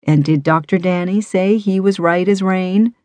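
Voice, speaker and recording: A woman's voice: lowish voice, steady tone, pitched above the performer's own voice, lightly acted. Lady narrator doing a tough woman detective, kind but firm, no room echo. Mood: chiding. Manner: gently chiding, brisk when urgent. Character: determined female police detective. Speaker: cop. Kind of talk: audiobook character voice.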